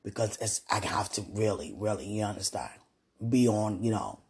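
A woman's voice: extremely low pitch, normal speed, noisy background. A woman talking casually to a loved one and to God, prayerful at times and given to fits of laughter. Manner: prayerful, swings from hushed musing to giggling excitement; laughs often, talks in fits and starts.

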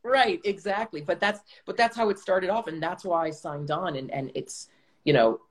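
A young Canadian actor, appearing as a guest on a casual video call, talks reflectively with plenty of fillers and restarts. He has a high voice and a moderate pace, and the recording quality is low.

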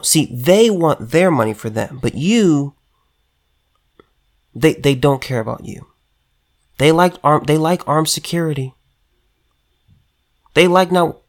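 Fired-up man ranting to viewers. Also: medium pitch. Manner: emphatic, repetitive, stammering restarts, addresses viewers directly. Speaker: political commentator. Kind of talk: impassioned political rant.

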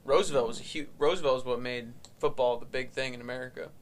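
A man from Texas on a podcast, chatting casually with crude jokes while a couple of drinks deep. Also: fairly even intonation, fast. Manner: crude, joking, tipsy. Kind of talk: casual chat.

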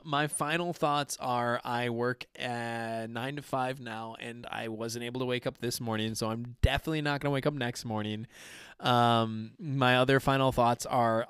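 A man co-hosting a casual sports podcast, talking emphatically and excitably and swearing casually. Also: mid-range voice, clear, resonant tone, no room sound, clean studio sound. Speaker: podcast co-host.

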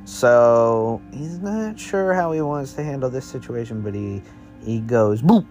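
A man's voice: mid-range voice, animated, unhurried, darkish tone, soft background music. A man making up a spooky story as he goes, in a meandering, offhand, slangy way. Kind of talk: improvised spooky story narration.

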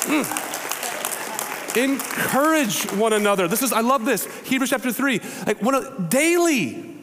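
A man's voice: very high-pitched, expressive, a little slow, fairly bright tone, long reverb tail, a faint crowd, slight background noise. A male pastor preaching a casual, conversational sermon, telling stories and acting out quoted voices. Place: church sanctuary.

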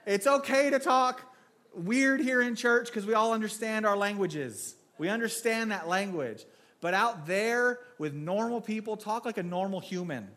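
A man's voice: high-pitched, normal speed, a bit bright. A man preaching a sermon in a church in a casual, joking storyteller's way, restarting his sentences often.

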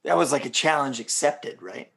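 A man hosting a casual interview, talking in a relaxed, conversational way with lots of fillers. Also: medium pitch, moderate pace, vocal fry, breathy edge. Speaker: podcast host.

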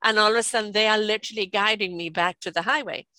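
A British woman in her sixties telling stories in a chatty, lively way, often laughing and checking in with "right?". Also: mid-range voice, fast, no room sound. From Britain. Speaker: guest. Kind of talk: casual storytelling conversation.

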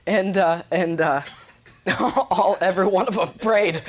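A man preaches to his congregation, spinning a lively story. He acts out the voices of the people in it and climbs to loud exclamations. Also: high-pitched, measured pace, a little hiss or hum. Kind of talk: sermon storytelling. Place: church with congregation responding.

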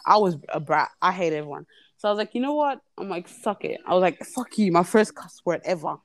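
A woman's voice: on the low side, quick pace. A young woman guest chatting on a podcast, telling a story animatedly and swearing freely. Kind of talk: casual chat, storytelling.

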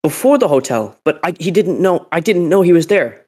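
A teenage boy with a fairly high voice rambles through a story in casual podcast chat. He acts out the people he quotes as he goes. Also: expressive, brisk, a little mellow, breathy edge. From Northern Ireland. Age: teens. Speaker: podcast co-host.

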